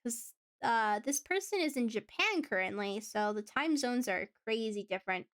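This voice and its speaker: A woman with a high voice chats casually on her live stream. She rambles from thought to thought, laughs often, and slips into playful voices to act out her viewers. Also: expressive, moderate pace, a bit bright. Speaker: VTuber streamer.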